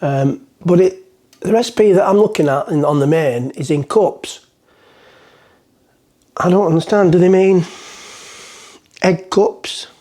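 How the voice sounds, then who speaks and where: A man's voice: high-pitched, slow pace, long pauses, warm tone. Rambling jokey man. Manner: rambling, jokey, talks to himself while cooking. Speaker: cooking vlogger. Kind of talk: casual cooking vlog chat. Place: home kitchen.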